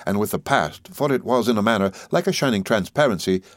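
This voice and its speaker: A man narrating a classic novel in the first person, with a measured, expressive literary reading style. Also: fairly low pitch, no echo. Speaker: audiobook narrator.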